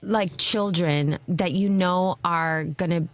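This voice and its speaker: A woman co-hosting a radio chat, lively and joking as she acts out little scenes. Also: fairly low pitch, slow, no echo. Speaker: guest co-host. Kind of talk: casual studio chat. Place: radio studio.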